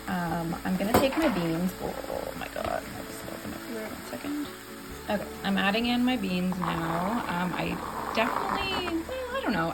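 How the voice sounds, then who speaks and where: A woman with a lowish, gravelly voice hosts a casual cooking vlog from her home kitchen, with music and noise in the background. She chats and rambles through the steps, full of fillers and asides.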